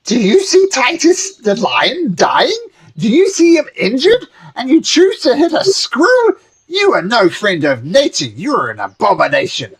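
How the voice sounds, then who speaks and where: A game master voicing an indignant little gnome who guards a forest grove, scolding the players in a high, shrill voice. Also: sing-song, unhurried, husky, full character voice.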